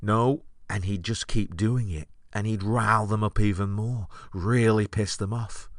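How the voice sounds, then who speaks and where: Wry deep-voiced man telling a story. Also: normal speed, dry recording, clean studio sound. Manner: wry, deadpan recollection. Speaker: podcast host. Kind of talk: comic storytelling monologue.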